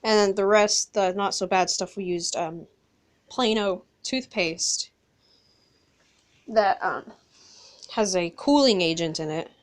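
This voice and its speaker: A woman's voice: medium pitch, slow pace, pauses often. A young woman vlogging casually at home, shaken and teary, rambling with nervous laughs. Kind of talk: casual home vlog chat.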